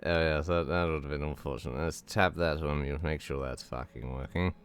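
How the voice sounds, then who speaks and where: A man's voice: rumbling low, fairly even intonation, fairly quick, a little hiss or hum. A young man streaming a game, rambling and chatting casually, repeating "yes" and "good" a lot with dry, self-mocking humour. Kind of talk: casual gameplay stream commentary.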